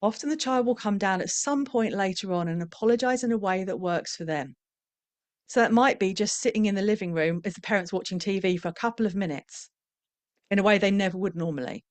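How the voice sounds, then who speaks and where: Candid and reflective, a middle-aged parenting trainer for professionals talks conversationally and takes on the voices of the parents and kids she quotes. She has a medium-pitched voice, speaks briskly, and there is no echo.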